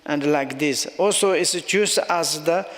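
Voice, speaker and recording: Slow-talking teacher in a reverberant hall. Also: male voice, a little high. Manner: halting non-native English, loose phrasing; chuckles often while explaining. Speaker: Buddhist teacher. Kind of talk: dharma teaching. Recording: long reverb of a large hall.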